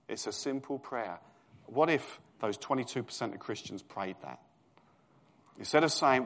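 A man's voice: on the low side, expressive, normal speed, a bit bright. A man in his fifties with a London East End accent, preaching a sermon in a conversational tone that rises to emphatic proclamation.

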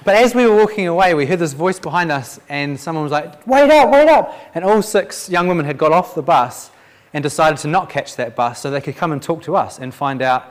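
A preacher shares his Christian testimony in a brisk, fairly high male voice. He tells the story with animation, performs the voices of its characters, and keeps restarting his sentences.

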